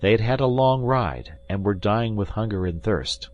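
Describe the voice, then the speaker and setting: Deep-voiced expressive audiobook narrator, man. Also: moderate pace, dull audio. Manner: expressive storytelling. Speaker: audiobook reader.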